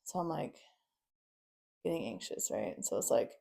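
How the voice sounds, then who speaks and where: A woman's voice: deep voice, lively intonation, normal speed, gravelly, mellow. A young woman telling a personal story casually and bluntly, swearing often. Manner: blunt, frequent swearing, nervous laughs. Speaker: guest.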